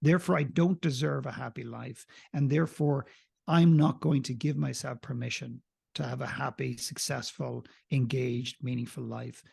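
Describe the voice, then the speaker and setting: A man, a podcast guest, telling a candid personal story in an animated, self-mocking way with some profanity. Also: mid-range voice, normal speed, vocal fry, slightly rough.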